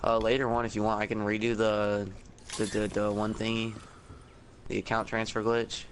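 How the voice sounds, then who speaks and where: A man's voice: fairly low pitch, completely flat delivery, normal speed, a little hiss or hum. A laid-back man chatting and telling a story over a gaming headset while he plays. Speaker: gaming friend. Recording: loud game gunfire behind a headset voice. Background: video game gunfire.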